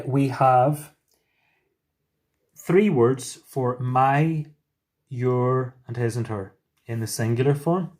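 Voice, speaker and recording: A man teaching a Spanish lesson, explaining patiently step by step with gentle asides. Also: medium pitch. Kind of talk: recorded classroom lesson.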